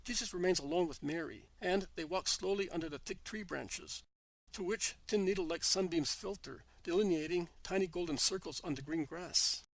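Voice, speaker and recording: Guy reading a devotional story, husky and gravelly, calm and even. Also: sits high, moderate pace, no echo, rough recording. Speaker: narrator. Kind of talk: scripted narration of a devotional text.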